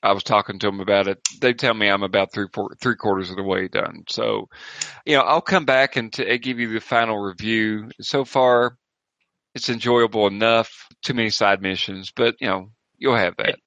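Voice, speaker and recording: A man with a bright, forceful voice hosts a casual podcast chat. He jokes and talks with enthusiasm, recorded dry and close. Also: fairly low pitch, steady tone, moderate pace, no room sound, lo-fi sound. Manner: joking, enthusiastic. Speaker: podcast host.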